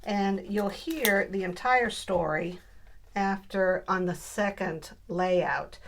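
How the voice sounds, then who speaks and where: A woman's voice: mid-range voice, slow pace, a little hiss or hum. A woman hosting a casual crafting tutorial, chatting upbeat with viewers as she works. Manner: chatty, upbeat, talks to viewers while working. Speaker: crafting video host.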